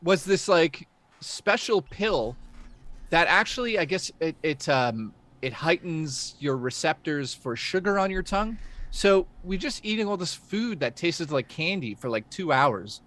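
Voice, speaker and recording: A man from Canada telling a long, lively story in casual livestream chat, swearing and laughing as he goes. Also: fairly high pitch, unhurried.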